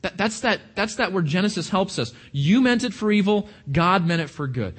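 Animated man preaching a sermon. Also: high-pitched, normal speed, few pauses, slightly rough. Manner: animated preaching with repeated words and restarts. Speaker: pastor.

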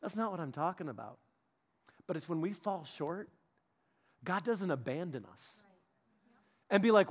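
Young guy preaching, fairly high voice, animated, acts out the people in his story. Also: a little slow, long pauses. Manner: animated, acts out quoted voices, shifts from loud to hushed. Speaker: pastor's son preaching. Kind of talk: sermon with personal story.

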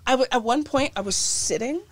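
A woman's voice: high voice, fairly quick, no echo. A woman co-hosting a podcast, telling a rambling story in casual chat and laughing often. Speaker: podcast co-host.

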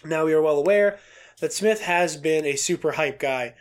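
A man co-hosting a podcast, reading a news story aloud in a casual, excitable way, laughing often and swearing casually. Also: fairly high pitch, normal speed, clear, resonant tone. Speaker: podcast co-host.

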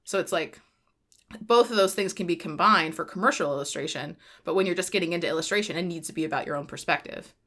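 A woman hosts a podcast in loose, rambling chat, her voice pitched a bit low but with a bright, forceful edge. She laughs easily, swears casually and fills her talk with "like". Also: quick pace. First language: Spanish. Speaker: podcast host.

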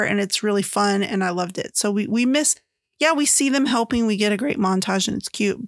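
A woman talks through a book and its movie in a loose, chatty way, full of filler words. Her voice sits at a middle pitch. The recording is dry and close. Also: gravelly, no echo. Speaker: book reviewer. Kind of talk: casual chat.

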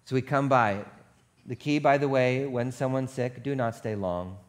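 A man's voice: mid-range voice, moderate pace. A middle-aged male pastor preaching a sermon in a casual, storytelling way, joking about himself and acting out the people he quotes. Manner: storytelling, conversational and self-deprecating, acts out quoted voices.

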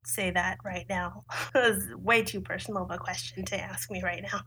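A woman's voice: medium pitch, fairly even intonation, normal speed, bright, forceful tone, slight background noise. A woman playing a tabletop game, talking casually with lots of "like". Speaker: player.

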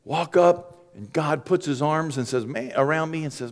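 Male pastor, animated Easter sermon, swings from hushed to high and loud, long church-hall reverb. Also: brisk, hardly any pauses. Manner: animated, climbs high and loud when excited, then drops soft.

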